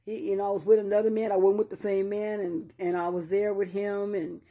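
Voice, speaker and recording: A woman's voice: medium pitch, flat delivery, fairly quick, mellow. An older woman telling a personal story to her viewers as a grieving mother, talking straight to listeners and often restarting her sentences. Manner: talks straight to listeners, calling them y'all; repeats and restarts while recalling painful memories.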